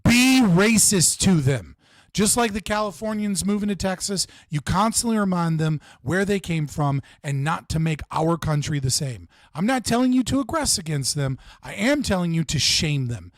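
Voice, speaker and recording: Hardly pausing, this livestream host rants about politics in a heated, profane way and keeps repeating points for emphasis. His slightly high voice is expressive and moderately paced, on a dry, clean studio recording.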